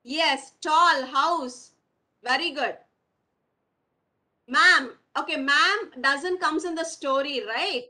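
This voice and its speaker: Bright-voiced teacher, slow drilling. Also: female voice, sits high, low-quality recording. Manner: calls pupils "my dear children", drills words slowly. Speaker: primary school English teacher. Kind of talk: online class teaching.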